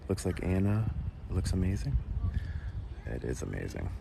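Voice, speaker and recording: Low-voiced man chatting on a beach walk. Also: sing-song, normal speed, gravelly. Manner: chatty, reads viewer comments aloud, nervous laughs. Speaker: livestream host. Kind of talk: casual walking livestream chat. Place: outdoors at a beach lagoon. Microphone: plugged-in mobile mic while walking. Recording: outdoor wind and nature noise.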